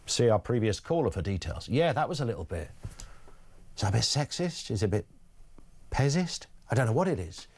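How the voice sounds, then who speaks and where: A man's voice: mid-range voice, sing-song, a little fast, a little mellow, husky. A British man hosting a talk radio phone-in, musing bluntly and conversationally with jokey asides. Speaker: radio talk show host. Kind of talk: opinion monologue and phone-in. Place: radio studio.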